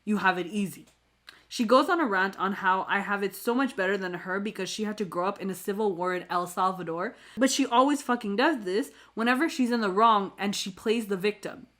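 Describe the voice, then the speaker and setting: A woman co-hosting a relaxed podcast chat, reading a long story aloud. She stumbles over words now and then and laughs at her own mispronunciations. Her pitch is mid-range for a woman. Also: a little fast, few pauses. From Canada. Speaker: podcast co-host reading stories.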